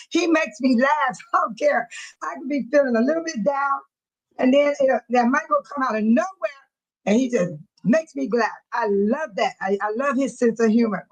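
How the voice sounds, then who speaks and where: A woman's voice: high-pitched, fairly bright tone, low-quality recording. A middle-aged woman hosting a casual livestream, reading chat comments aloud and laughing often. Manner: sweating and fanning herself after dancing. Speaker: livestream host.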